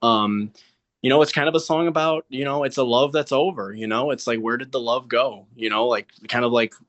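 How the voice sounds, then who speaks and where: A man's voice: medium pitch, brisk, fairly bright tone, highs cut off. Earnest young man gushing about music. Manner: earnest, enthusiastic, many ums and you-knows. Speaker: podcast co-host. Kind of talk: casual chat.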